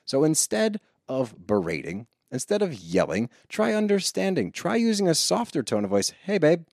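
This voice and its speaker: Lively, jokey man co-hosting a podcast. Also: fairly high pitch, moderate pace, vocal fry, no echo, clean studio sound. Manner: chatty, agreeable, jokey. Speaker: podcast co-host. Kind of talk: casual recap chat.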